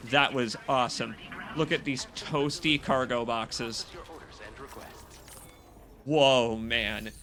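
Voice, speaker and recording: A young man streaming a video game, commenting in a jokey and excitable way as he plays and talks to his chat. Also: mid-range voice, slow pace, noisy background. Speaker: gaming streamer. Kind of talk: live gameplay commentary.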